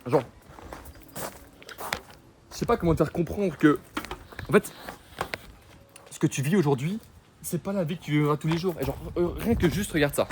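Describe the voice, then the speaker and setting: A French man talking excitedly in a casual vlog, swearing freely. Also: a little high, fairly quick, pauses often. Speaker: vlogger. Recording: clear background noise.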